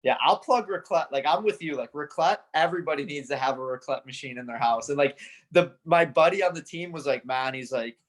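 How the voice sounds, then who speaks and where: A young hockey player appears as a podcast guest, rambling in casual conversation, laughing, and saying "like" a lot. His voice is slightly high and fairly quick.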